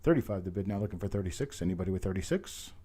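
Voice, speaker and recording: A hoarse man, his voice still recovering, hosting a live online coin auction in a folksy, chatty way and calling out bids over and over. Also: low voice, lively intonation, very fast, mellow. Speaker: auctioneer host.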